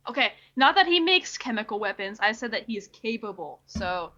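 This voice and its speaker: A woman with a bright, forceful voice playing her character in a tabletop game. She argues her case earnestly and a bit ramblingly. The lo-fi mic gives the recording a dull sound. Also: on the high side, big pitch swings, brisk. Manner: earnest, pleading, slightly rambling. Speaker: player.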